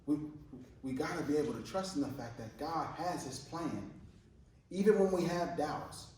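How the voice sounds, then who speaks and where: High-voiced pastor in an echoey hall. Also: male voice, animated, normal speed, darkish tone, a little hiss or hum. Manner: conversational, slangy, repeats words. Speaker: junior pastor. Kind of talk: sermon. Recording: echoey room from far off.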